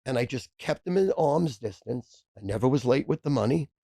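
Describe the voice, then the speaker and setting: A man's voice: medium pitch, expressive, gravelly, warm tone, no room sound. A man, a podcast guest telling profane, brash stories in casual chat. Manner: brash, profane, rapid storyteller.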